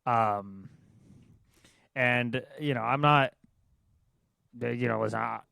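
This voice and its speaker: A man's voice: medium pitch, slow, gravelly, pushed and bright, no echo. A young man co-hosting a casual podcast, offering crude, opinionated banter. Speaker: podcast co-host. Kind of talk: casual chat.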